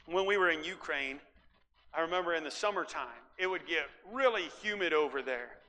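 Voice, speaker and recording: Middle aged preacher guy from iowa, emphatic, gets shouty, big echoey hall. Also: a little high, animated, fairly quick. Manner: emphatic preaching, rising to shouts, folksy asides. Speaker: pastor. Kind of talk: sermon. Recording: long hall reverb.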